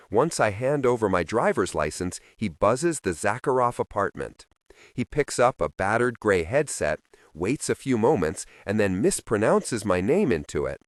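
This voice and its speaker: A man narrating a first-person urban fantasy audiobook in a measured, introspective, tense way. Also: on the low side, no echo, studio quality.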